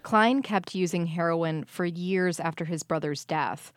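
A woman reporter giving scripted news narration in a measured, even delivery. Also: lowish voice, no room sound, studio quality.

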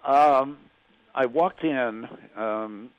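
An older man reminisces as an interview guest about his years as a magazine journalist. He talks haltingly, with many fillers and restarts. His voice comes through a thin, dry phone line. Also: mid-range voice, no echo. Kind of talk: recalling past events in an interview.

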